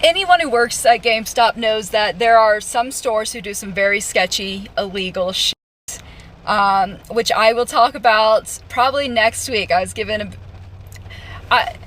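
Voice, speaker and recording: A woman telling a casual story about her retail job, giggly and animated, acting out the voices of others. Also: a little high.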